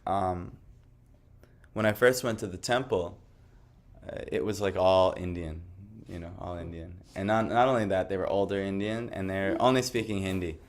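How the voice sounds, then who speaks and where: A man with a fairly low voice tells a personal story in a loose, conversational way. He rambles with many fillers and restarts and sounds quietly amused at himself. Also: moderate pace. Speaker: devotional speaker. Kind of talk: casual personal testimony talk.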